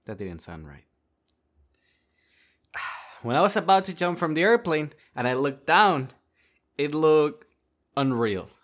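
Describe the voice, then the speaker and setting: A man hosting a podcast who tells a personal story in a casual, animated way and laughs often as he talks. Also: a little high, slow pace, long pauses. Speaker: podcast host.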